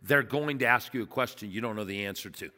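A man's voice: lowish voice, fast talker, sharp tone, long reverb tail. A man preaching a sermon as pastor, emphatic and conversational, telling stories to his congregation. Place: church sanctuary.

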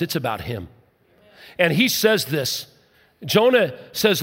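Middle-aged male pastor, conversational sermon, fairly high voice, long hall reverb. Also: very animated, normal speed. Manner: jokey, conversational preaching with sudden drops to a soft, low voice.

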